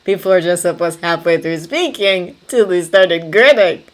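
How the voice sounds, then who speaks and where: A woman reading fanfiction aloud as audiobook narration, even and unhurried. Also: medium pitch. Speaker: fanfiction reader.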